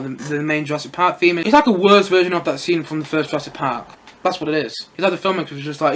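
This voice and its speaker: A man's voice: a little high, fast talker, fairly bright tone, a little hiss or hum. A young man giving a casual solo film review, chatty and rambling with lots of fillers and little laughs.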